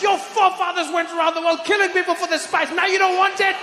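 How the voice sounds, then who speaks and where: A man telling a stand-up comedy story, animated and shouting his punchlines. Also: very high-pitched, fast, noisy background. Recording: echoey hall, loud audience ambience.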